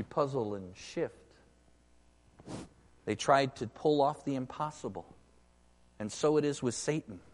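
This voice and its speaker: A man preaching a sermon in an earnest, emphatic way, slowing down to press key points. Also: medium pitch. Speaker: pastor. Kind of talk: sermon with storybook reading. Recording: echoey hall with long reverb.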